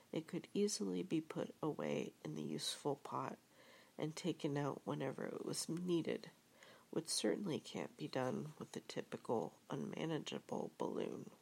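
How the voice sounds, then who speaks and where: A woman giving a soft-spoken reading of a storybook with reflective passages, often half-whispered. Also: sits low, creaky, husky. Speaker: reader.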